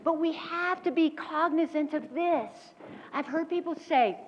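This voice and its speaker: A woman giving a motivational keynote speech, telling animated stories with quick laughs, on a stage microphone in a large lecture hall. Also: high voice, a little hiss or hum. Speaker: keynote speaker. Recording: dull recording with long hall reverb.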